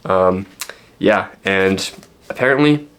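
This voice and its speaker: Man, low-pitched voice, casual book vlog, rambling with lots of ums, joky asides. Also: slow, fairly bright tone, slight background noise. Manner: rambling, filler-heavy, joking asides. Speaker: book vlogger. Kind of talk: casual book haul chat.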